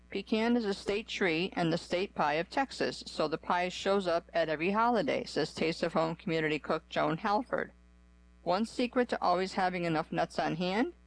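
A reader on a radio reading service, working through a magazine article aloud in an even, measured way with pauses between items. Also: medium pitch, dry recording, poor audio.

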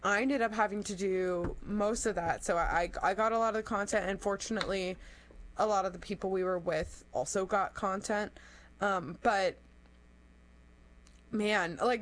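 A woman's voice: medium pitch, moderate pace. A woman co-hosting a podcast in casual chat, slightly congested from a cold, peppering her talk with "like". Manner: chatty, heavy use of "like". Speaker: podcast co-host.

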